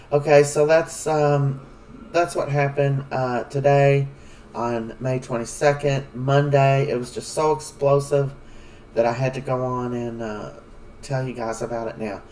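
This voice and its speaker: A man's voice: medium pitch, a little mellow, distant mic, slight background noise, rough recording. A man giving a casual, rambling recap of a soap episode, full of fillers. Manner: rambling, chatty, many fillers. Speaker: soap opera recap vlogger.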